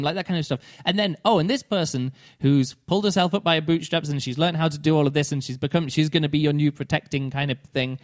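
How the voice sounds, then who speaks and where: A man with a notably high voice chats casually as a podcast co-host. His talk rambles, full of fillers, restarts and sudden mocking impressions of other people. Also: fast, hardly any pauses. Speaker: podcast co-host reviewing a book. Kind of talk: casual chat.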